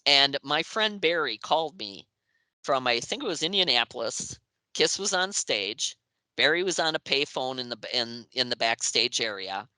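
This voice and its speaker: Woman, interview guest, lively storyteller, sharp bright voice, dry close sound. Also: rumbling low, moderate pace, dry recording. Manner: lively storyteller who laughs through her stories. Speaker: interview guest, music journalist. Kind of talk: animated anecdote telling.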